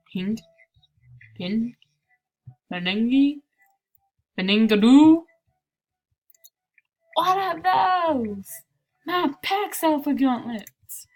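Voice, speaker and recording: Playful slow-talking woman, slightly sick. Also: a little high. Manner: playful, chatty, drifts into whispered asides. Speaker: gameplay video creator. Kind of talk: casual gameplay commentary.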